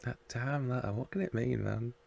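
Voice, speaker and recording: A man's voice: mid-range voice, normal speed, creaky, very noisy. A man casually reacting to a TV episode, chatting, laughing and muttering asides to the screen. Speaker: reaction video host.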